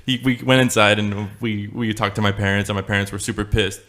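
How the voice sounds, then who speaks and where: Young man, podcast co-host, casual rambling chat, swears a lot, fairly low voice. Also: fairly even intonation, a little fast, fairly bright tone. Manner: rambling, swears, laughs often.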